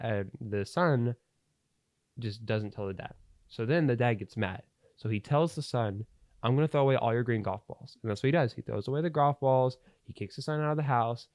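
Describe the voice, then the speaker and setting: A young man hosts a podcast, spinning a long story in a loose, casual way full of fillers and false starts. His voice sits a little low. It comes through a studio mic with a dry, close sound. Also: no echo. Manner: rambling, lots of fillers and restarts. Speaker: podcast host.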